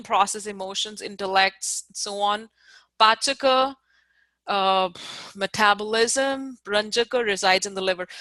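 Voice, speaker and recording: Bright-voiced woman teacher from India. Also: medium pitch, dry recording. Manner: explanatory, repeats key terms, asks the class to check understanding. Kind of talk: online lecture. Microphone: video call.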